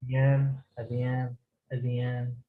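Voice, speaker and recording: A man's voice: mid-range voice, monotone, unhurried, narrow, tinny audio. A man teaching an English lesson, patiently repeating phrases and explaining rising intonation. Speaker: English tutor.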